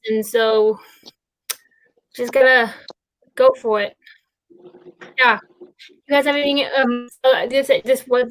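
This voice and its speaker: A woman's voice: on the high side, a bit bright. A woman hosting a casual chat about musicals, rambling with lots of fillers and restarts. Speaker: podcast host.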